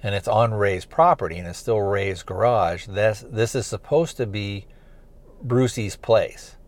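A man's voice: fairly low pitch, a little slow. A man hosting a podcast, recapping a TV episode in a loose, rambling way with lots of fillers like "kinda" and "you know". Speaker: podcast host reviewing a TV series.

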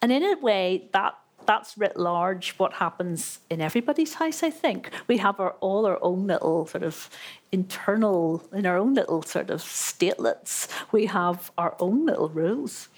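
A woman's voice: medium pitch, expressive, moderate pace. Chatty woman author. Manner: chatty and reflective, repeats words and fillers. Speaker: author being interviewed. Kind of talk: literary conversation before an audience.

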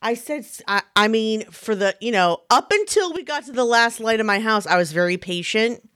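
A woman in her forties tells stories in a lively, exaggerated way. Her voice sits a little on the high side. The sound is dry and close. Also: normal speed, dry recording. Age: 40s. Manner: animated storyteller, exaggerated retelling. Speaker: podcast co-host, mother of a toddler. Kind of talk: casual chat.

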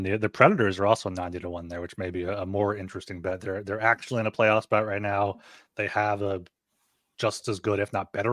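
A man's voice: lowish voice, fairly bright tone, no room sound, clean studio sound. A man co-hosting a sports betting podcast, rattling off odds and scores with frequent fillers. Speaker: podcast co-host.

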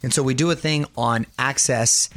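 A middle-aged man hosting a radio show, reading items in a quick upbeat patter and joking with his co-host wife. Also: mid-range voice, a bit bright. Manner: jokey, banters with his wife.

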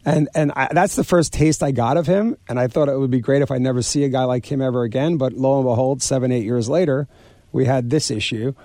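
A man, an author and restaurateur telling stories in an interview, animated and stumbling over repeated words. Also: mid-range voice, fast, dry recording, studio quality. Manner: animated storyteller, acts out quoted people, repeats words. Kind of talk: storytelling interview.

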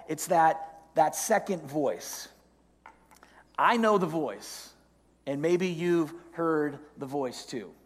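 In a church sanctuary with the sound of a large hall, a middle-aged male pastor with a fairly high voice preaches a sermon. He tells stories in an animated way, acting out inner voices.

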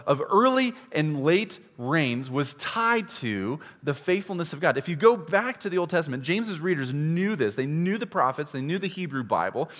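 A male pastor from Iowa preaching a conversational sermon, swinging between loud, emphatic stretches and hushed, low asides. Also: long reverb tail. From Iowa, USA. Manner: conversational, with restarts and direct questions to listeners.

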